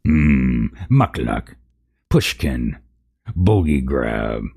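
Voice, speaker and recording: A man voicing a large, gruff male narc who rasps out a list of names. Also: very deep voice, very animated, very slow, a little mellow, heavily acted. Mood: rasping. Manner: rasping, stumbles and laughs over names.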